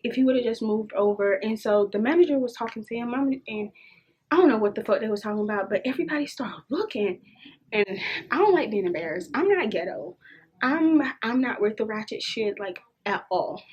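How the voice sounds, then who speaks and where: A young adult woman vlogger telling a casual storytime, animated and swearing freely as she acts out the dialogue. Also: fairly high pitch, brisk, highs cut off.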